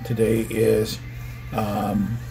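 A man in his fifties hosting a casual live Bible study podcast, talking in a relaxed, rambling way with lots of ums, recorded on a phone. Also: on the low side, drawn-out words, gravelly, faint music behind. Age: 50s. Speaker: podcast host, ministry leader.

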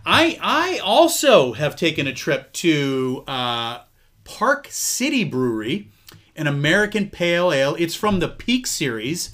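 A middle-aged man hosting a podcast in casual chat, jokey and quick to laugh. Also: a little high, very animated, fairly bright tone. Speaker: podcast host.

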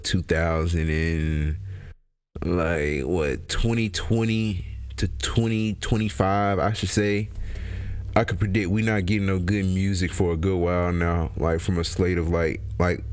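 A man's voice: deep voice, steady tone, unhurried, darkish tone. A young man hosting a casual solo podcast, talking in loose, profane slang and often trailing off into laughter. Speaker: podcast host.

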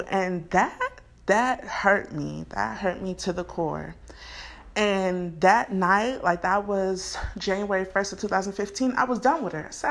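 A woman's voice: mid-range voice, a little slow, vocal fry. A woman in her twenties from California telling a personal story straight to camera, frank and slangy, laughing often. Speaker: storyteller vlogger. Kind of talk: candid storytime monologue.

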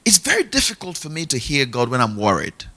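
With a husky, pushed and bright medium-pitched voice whose pitch swoops wildly, a middle-aged man preaches briskly. He teaches conversationally, repeats key phrases, and keeps asking his listeners "yeah?" and "okay?".

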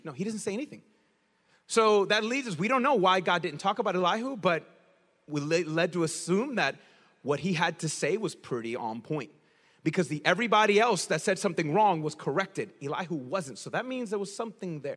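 A man preaching a sermon in a casual, slangy, animated storytelling way. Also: high voice, a little fast, big-room sound.

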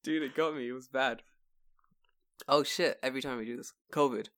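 A man's voice: medium pitch, brisk. Profane man telling stories. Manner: animated, profane, acts out voices. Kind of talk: casual chat, storytelling.

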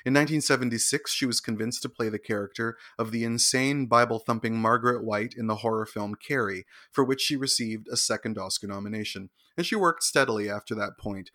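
A male co-host with a bright, forceful voice reads out birthday bios in a crisp, brisk delivery. His occasional wry asides keep it light. The sound is dry and close, as from a studio. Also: lowish voice, dry recording. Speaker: co-host reading celebrity birthdays. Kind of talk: scripted entertainment segment with banter.

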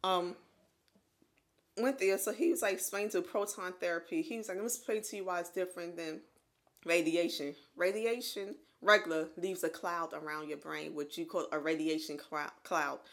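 A woman in her thirties co-hosting a podcast, telling her own story in casual chat, animated and laughing often. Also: lowish voice, normal speed. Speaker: podcast co-host.

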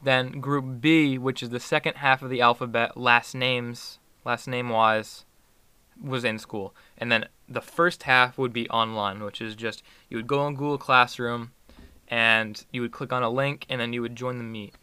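A man's voice: mid-range voice, level tone, normal speed, pushed and bright, clear, resonant tone, no room sound. A teenage boy chatting casually in an interview, rambling with many fillers and restarts. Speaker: student athlete guest.

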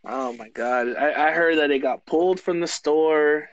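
A man's voice: fairly high pitch, a little slow, dull audio. A man guesting on a podcast over a remote link, chatting casually in an agreeable, supportive way. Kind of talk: casual chat. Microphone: remote recording.

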